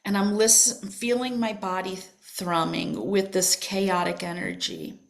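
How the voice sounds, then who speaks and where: An older woman hosting a podcast, telling a personal spiritual story in a soft, emotional way that drifts into whispers. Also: medium pitch, expressive, unhurried, creaky. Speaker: podcast host.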